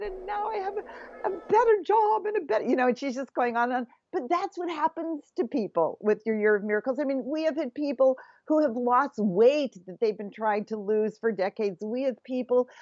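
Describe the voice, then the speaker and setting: This woman's voice is a little high and somewhat mellow, with no room sound, though the lo-fi recording comes across slightly dull. As a guest on a relaxed interview, the self-help author shares success stories enthusiastically.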